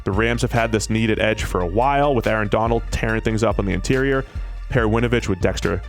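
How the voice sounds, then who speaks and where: A man in a casual sports podcast, chatting quickly and correcting himself as he talks through draft picks. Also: lowish voice, soft background music. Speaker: podcast analyst.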